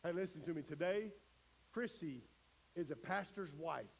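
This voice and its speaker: Man preaching a sermon, rising to shouts. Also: fairly high pitch, animated, moderate pace, vocal fry, breathy edge. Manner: storytelling, building to impassioned shouting. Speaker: pastor.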